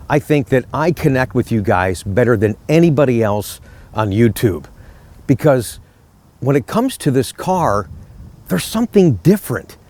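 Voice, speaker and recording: Out in a park, a middle-aged man who sells cars talks on his channel in a mellow, mid-range voice. It's relaxed outdoor vlog talk, full of friendly stories.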